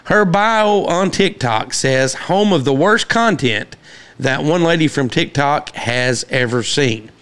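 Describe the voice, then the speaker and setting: Male podcast host, slightly high-pitched, loose and meandering, filler-heavy delivery. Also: lively intonation, slow pace, a bit bright, clear, resonant tone. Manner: rambling with many fillers and restarts. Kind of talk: casual chat and show shout-outs.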